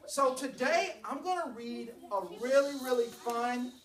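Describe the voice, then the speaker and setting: A man, a children's author, reading aloud to a classroom of young kids, playful and lively, leading call-and-response. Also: very high voice, unhurried. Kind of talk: animated classroom read-aloud. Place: classroom, indoors. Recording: echoey classroom heard from far off.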